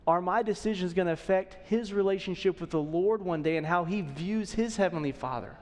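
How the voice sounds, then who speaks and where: A high-voiced pastor in his thirties talks fairly quickly while preaching in a church auditorium, a large hall. His sermon is conversational, and he often checks in with the audience.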